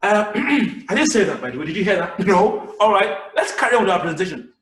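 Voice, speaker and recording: A man giving a lively public speaking lesson in a webinar, swinging between loud bursts and whispers. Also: high-pitched, fairly quick. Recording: echoey room, somewhat distant mic.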